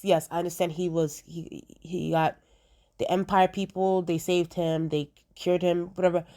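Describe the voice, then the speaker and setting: With a slightly high, somewhat mellow voice, a young TV reviewer talks over an episode in an informal vlog. Her style is chatty and emphatic, full of deliberate repetition.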